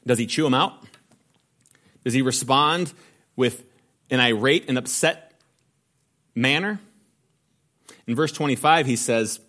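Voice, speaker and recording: Guy preaching a sermon, earnest, lots of rhetorical questions, slows down on the big lines. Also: medium pitch, lively intonation, a bit bright. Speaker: pastor.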